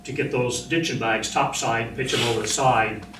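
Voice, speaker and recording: A man's voice: mid-range voice, steady tone, moderate pace. Older male ex-Marine, plain storyteller recalling combat; echoey room, distant mic. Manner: plain storytelling, shouting when retelling orders. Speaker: former Marine speaking as a survivor. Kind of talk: personal war testimony to an audience. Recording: roomy, distant mic, faint noise.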